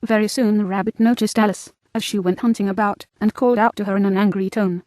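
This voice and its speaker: Brief: female audiobook narrator, measured and clear, dry booth. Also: mid-range voice, steady tone, a little mellow, no room sound. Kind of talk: scripted narration.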